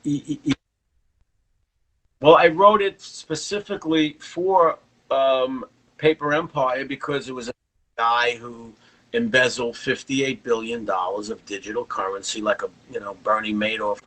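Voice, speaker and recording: A man's voice: medium pitch, steady tone, unhurried, sharp tone, poor audio. An older man, a guest rock guitarist, telling rambling anecdotes in a casual interview.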